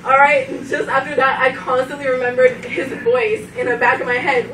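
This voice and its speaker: Young woman, lively farewell speech full of laughs, high voice, noisy far room. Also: normal speed, hardly any pauses, roomy sound. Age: young adult. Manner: laughing often, animated, breaks into quoted voices. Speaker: trainee giving a farewell speech. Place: large meeting room.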